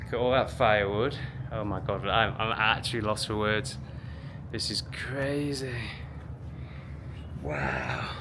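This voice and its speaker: A man's voice: lowish voice, moderate pace, noisy background. An English man vlogging as he walks through a rental house, exclaiming and gasping in amazement, filmed on a handheld camera. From England. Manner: excitable, gasping and exclaiming in awe. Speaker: travel vlogger. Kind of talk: casual vlog walkthrough.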